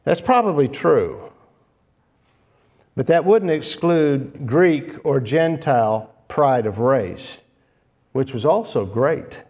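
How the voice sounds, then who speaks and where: A male preacher delivers an expository sermon in a church at a notably slow, deliberate pace. His voice sits at an ordinary middle pitch, and he works through his points patiently, pausing and sometimes restarting a phrase. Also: lively intonation, darkish tone, husky. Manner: measured, unhurried expository preaching with pauses and restarts.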